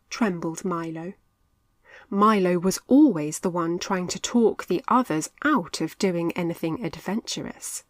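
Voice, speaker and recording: A woman narrating a children's story in an expressive, clear reading voice. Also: on the low side, no room sound. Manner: lively, expressive, slow and clear.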